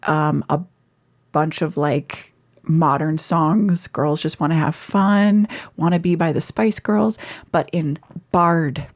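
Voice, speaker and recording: A woman guest, an actress, chatting in a casual interview in an animated, talkative way. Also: low-pitched, slow pace. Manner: chatty, animated, laughs easily.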